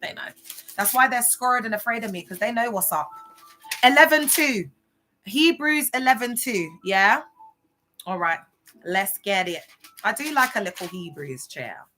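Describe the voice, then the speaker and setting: A woman's voice: a little high, animated, measured pace, pauses often, bright, forceful tone, rough recording. A woman talks casually to her viewers, rambling and getting emotional as she goes. Her speech is full of fillers and restarts. Faint music plays underneath. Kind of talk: casual livestream chat.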